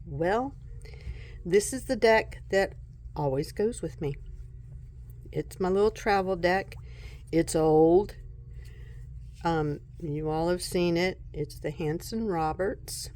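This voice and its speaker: Soft-spoken lady chatting about tarot decks at home, kinda low voice, takes her time, giggles a lot. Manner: soft-spoken and unhurried, often breaking into giggles. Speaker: tarot vlogger. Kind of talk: casual show-and-tell vlog.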